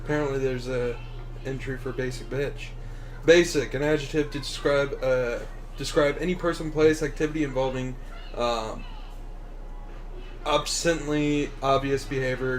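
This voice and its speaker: Man, podcast co-host, reading aloud, deadpan, casual chat. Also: mid-range voice, normal speed, slight background noise.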